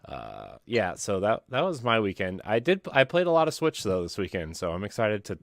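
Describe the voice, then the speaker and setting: A man's voice: lowish voice, very animated, normal speed, gravelly, no room sound. A man co-hosting a podcast over a video call, chatting casually and joking, often laughing mid-sentence. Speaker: podcast co-host. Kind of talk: casual chat.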